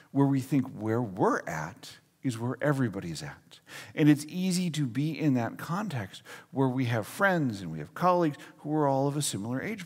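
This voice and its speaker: A man's voice: medium pitch, slightly rough. A pastor in his forties preaching a conversational, storytelling sermon in a church sanctuary. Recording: long church reverb.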